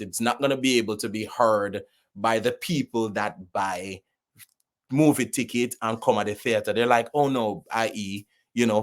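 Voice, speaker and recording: A middle-aged man from Jamaica with a Jamaican accent, a podcast guest speaking with animated, opinionated conviction in casual conversation. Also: medium pitch.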